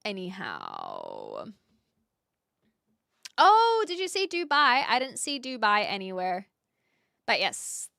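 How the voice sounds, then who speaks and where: A woman's voice: mid-range voice, huge pitch swings, slow, creaky, pauses often, sharp tone, no room sound, studio quality. A young woman livestreaming, chatting casually and rambling with lots of fillers while reacting to her chat. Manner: reads chat and reacts aloud.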